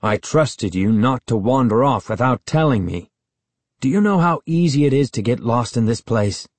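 A man's voice: mid-range voice, lively intonation, normal speed, dry recording, lightly acted. A man voicing an angry, worried middle-aged uncle who scolds through gritted teeth. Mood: stern.

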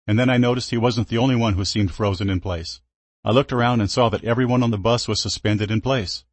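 A man narrates a first-person story at a steady pace with a low, husky voice. The sound is dry and close, with no room around it. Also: no room sound.

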